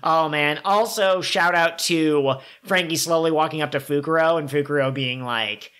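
A woman co-hosting a casual podcast chat, talking in a lively way and often acting out characters' lines in goofy voices. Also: low-pitched, moderate pace, smooth. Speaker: podcast co-host.

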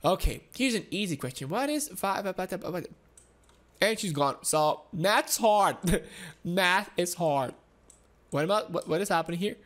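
A woman giving excitable, giggly commentary while playing through a game, with frequent exclamations. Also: on the low side, measured pace. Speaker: gaming video host. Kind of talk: playthrough commentary.

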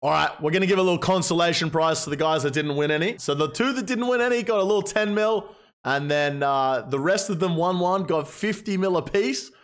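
A man hosting an online game event, cheering players on with excitable commentary and chatting with them. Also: high-pitched, fairly quick. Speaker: host running a game event. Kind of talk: excited live-stream commentary and interviews.

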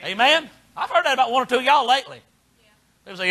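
An older man preaching a folksy Baptist sermon in short punchy lines that swing from quiet asides to shouting. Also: very high-pitched, sing-song, quick pace, husky. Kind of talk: fiery sermon.

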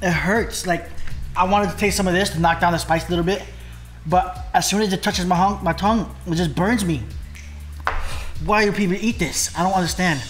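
A man's voice: high voice, fairly even intonation, brisk, fairly bright tone, faint music behind. A man vlogging a spicy food challenge in a casual way, groaning and exclaiming between bites. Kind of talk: casual mukbang vlog.

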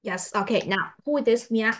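Patient woman English teacher. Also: fairly high pitch. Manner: patient, encouraging, repeats questions slowly. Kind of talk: online English test with a child.

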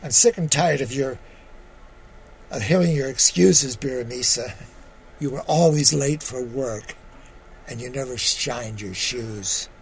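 A man's voice: medium pitch, unhurried, few pauses, pushed and bright, a little hiss or hum, voice pushed down. An older man voicing a scolding chief bellhop in a read-aloud story.

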